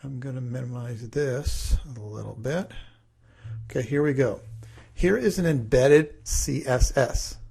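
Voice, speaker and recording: A man teaching a class through a relaxed, conversational screen-recorded coding tutorial, thinking aloud as he works. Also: medium pitch, measured pace, gravelly, husky.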